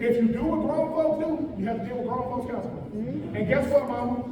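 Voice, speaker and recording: A man in his forties gives an animated motivational talk to young athletes, joking and calling out to the crowd. His voice sits very high for a man. It rings through a big echoey hall, heard from well off the mic over clear room noise. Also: fairly quick. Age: 40s. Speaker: guest speaker. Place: large event hall. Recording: echoey hall, voice picked up from far off.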